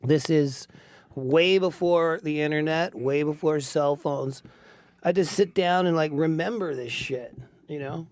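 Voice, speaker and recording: This man's voice sits high for a male speaker. He is a rock singer telling profane stories on a studio talk show, loose and animated, and he now and then breaks into shouting. The sound is dry and close, with no room echo. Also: a little slow. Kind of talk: casual talk-show storytelling. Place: radio studio. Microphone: studio microphone.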